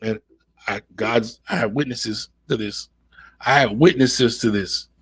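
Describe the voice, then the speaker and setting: A man hosting a solo relationship podcast, talking in an animated way and acting out quoted voices as he makes his points. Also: medium pitch, unhurried, slightly rough. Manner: animated, mimics women in quoted asides. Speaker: podcast host.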